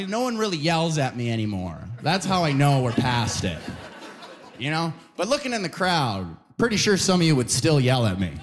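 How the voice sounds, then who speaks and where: Lively Canadian-raised man doing stand-up. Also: on the high side. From Alberta, Canada. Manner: animated, many quoted voices, frequent "you know". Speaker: stand-up comedian. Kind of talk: stand-up comedy set. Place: comedy club stage before a live crowd.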